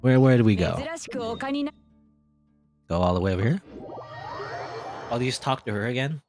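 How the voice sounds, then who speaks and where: A man's voice: mid-range voice, expressive, normal speed, music in the background. A man streaming a video game, joking around playfully and reading the on-screen text aloud. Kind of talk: gaming livestream commentary.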